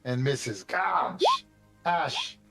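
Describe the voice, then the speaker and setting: A man's voice: medium pitch, drawn-out words, vocal fry, over loud music. A man running a tabletop game as game master, in a casual, chatty way that slips into light swearing.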